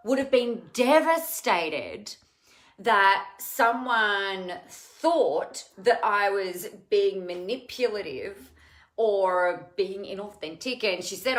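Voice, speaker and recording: A bright, forceful woman from Australia talks casually on her live stream at home, rambling from thought to thought and calling out viewers by name. The room gives her voice a clear echo. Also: mid-range voice, expressive, slow. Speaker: live show host.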